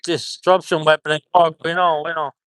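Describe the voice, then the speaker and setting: A man's voice: a little high, level tone, normal speed, fairly bright tone, clean tone, no room sound. An Irish man chatting casually on a livestream from an outdoor protest, reading out viewer comments, rambling and chuckling often.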